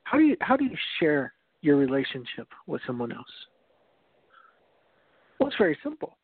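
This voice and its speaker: A high-voiced man preaches earnestly, telling a story and often restarting his phrases. The sound is dry and narrow, like it came over a phone line. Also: huge pitch swings, moderate pace, husky, dry recording. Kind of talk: evangelistic teaching talk.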